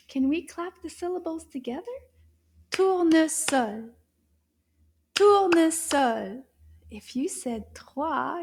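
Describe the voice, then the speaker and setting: A woman with a high voice teaches a children's lesson at an unhurried pace. She talks in a gentle sing-song, stretches each word out slowly and cheers the little ones on as they repeat after her. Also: creaky, slightly rough. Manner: sing-song, encouraging, drawn-out syllables. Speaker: French teacher for kids. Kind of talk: slow, clear children's lesson with repetition.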